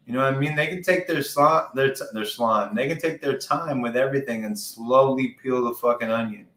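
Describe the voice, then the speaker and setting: A man in casual conversation, rambling through his opinions with plenty of swearing. His voice sits in a roomy space with a clear echo behind it. The pitch stays at an ordinary middle level for a man. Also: brisk, a bit bright. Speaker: podcast co-host. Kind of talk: casual wrestling chat.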